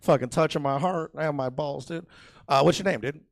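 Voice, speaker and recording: A young man doing stand-up on a theater stage, rambling and crude as he mocks himself and jabs at the crowd. His voice has a gravelly edge. The sound is close and dry. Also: a little high, a little fast, dry recording. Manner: crude, rambling, self-mocking, crowd work. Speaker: stand-up comedian. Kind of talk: stand-up set.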